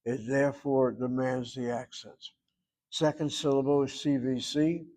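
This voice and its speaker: A man's voice: medium pitch, flat delivery, a little slow, darkish tone. A man teaching a Hebrew grammar lesson, explaining patiently and methodically and repeating words as drills.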